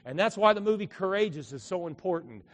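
A middle-aged man preaching a sermon in a church, swinging between loud, fervent bursts and quiet, confiding asides. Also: high-pitched, expressive, quick pace. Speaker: pastor. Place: church sanctuary. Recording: echoey church hall.

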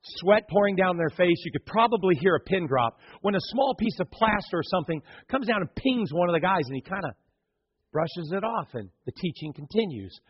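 A pastor delivering a lively sermon in a church, acting out the scenes of his story and joking with the congregation. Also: high voice, fairly quick, husky, lo-fi sound. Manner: animated storytelling, acts out scenes, jokes with the congregation. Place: church sanctuary.

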